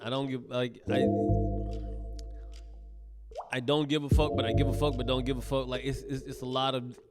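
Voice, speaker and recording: A man's voice: medium pitch, level tone, moderate pace, loud music behind the voice. A man, a comedian hosting his own podcast, talks in a rambling, profane solo monologue that keeps breaking off and restarting. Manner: rambling, profane, self-interrupting.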